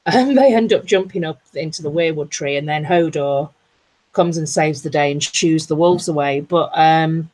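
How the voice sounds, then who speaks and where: A woman's voice: deep voice, moderate pace, darkish tone. A woman in a casual book discussion, explaining her ideas at length and thinking aloud.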